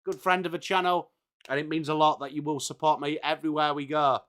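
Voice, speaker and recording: A young English man hosting a live football watchalong, chatting with viewers by name and reading team lists, his voice slightly hoarse. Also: a little high, level tone, brisk, a bit bright. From England. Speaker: watchalong host. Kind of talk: casual live stream chat.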